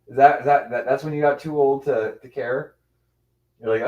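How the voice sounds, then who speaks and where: A man's voice: mid-range voice, fairly quick, darkish tone, dull audio. A man chatting casually on a livestream, rambling with many restarts and cooing to his cats.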